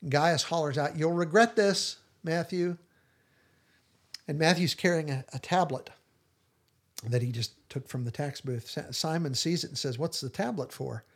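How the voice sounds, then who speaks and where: A man's voice: on the high side, moderate pace, husky. A man hosting a podcast, retelling scenes in casual chat and acting out the quoted lines with animation. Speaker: podcast host.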